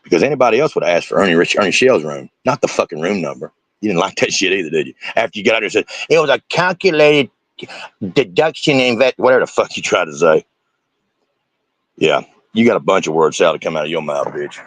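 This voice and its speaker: A man's voice: low-pitched, quick pace, breathy edge, no room sound. A man, a streamer giving angry, profane reaction commentary and confronting the people in the clips.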